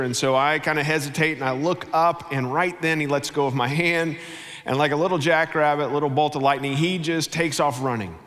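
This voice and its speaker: A middle-aged man, a guest pastor telling stories humorously in a sermon in a church auditorium. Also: a little high. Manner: humorous, animated storytelling. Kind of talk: sermon with storytelling. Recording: church hall reverb.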